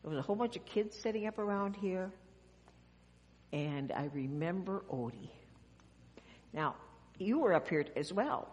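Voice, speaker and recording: A woman pastor talks gently to children in a church sanctuary, often stopping to ask them questions. Her voice sits a little low. The sound carries a long, lingering church reverb. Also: animated, unhurried, pauses often. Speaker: pastor giving a children's message. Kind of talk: children's sermon.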